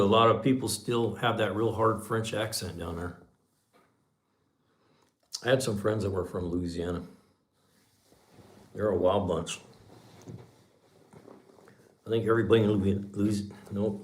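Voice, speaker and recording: A laid-back man in his sixties with a low voice, rambling loosely as he hosts a relaxed livestream and often tacks "man" onto the end of his sentences. He speaks in an easygoing, unhurried conversational style. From Southern California, USA. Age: 60s. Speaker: livestream host. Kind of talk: casual livestream chat.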